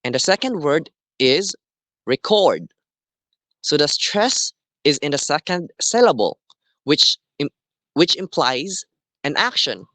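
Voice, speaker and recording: A man teaching a class, explaining slowly and deliberately and often checking in with "okay". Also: fairly high pitch, big pitch swings, sharp tone, no echo. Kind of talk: classroom lesson.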